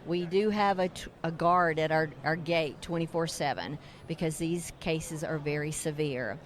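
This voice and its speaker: A woman's voice: sits low, normal speed. A middle-aged woman, a ministry co-founder, telling a story in an earnest, heartfelt way during an interview at a convention. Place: religious broadcasters convention.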